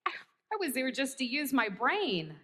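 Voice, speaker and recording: Bright-voiced American woman preaching in a reverberant hall. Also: high voice, very animated, normal speed. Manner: wry storytelling with self-deprecating humor. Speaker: pastor. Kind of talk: sermon.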